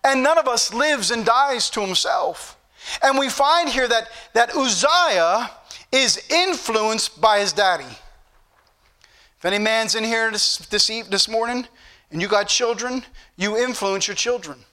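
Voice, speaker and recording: High bright-voiced preacher man. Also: animated, measured pace. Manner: preachy, repetitive emphasis. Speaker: pastor. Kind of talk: sermon.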